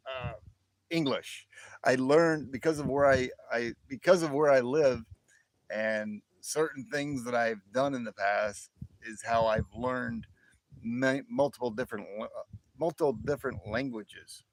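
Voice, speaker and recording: With a mid-range voice and a little hiss or hum on the recording, a man in his fifties chats casually with his livestream viewers. He comes from northern New York close to the Canadian border, and he rambles, chuckles and repeats words frequently.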